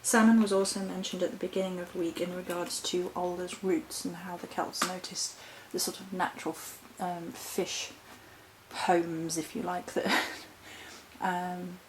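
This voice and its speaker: A witch vlogger reflects on her spiritual practice in a thoughtful, meandering way, occasionally stopping to correct herself and laughing. Her voice is on the low side with a flat delivery and a measured pace, over a noisy background.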